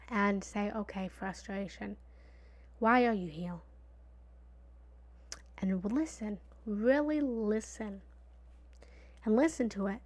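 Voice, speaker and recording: Animated woman giving a motivational talk. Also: on the high side. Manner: animated and conversational, drops into whispers for emphasis; repetitive, playful analogies. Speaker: motivational speaker.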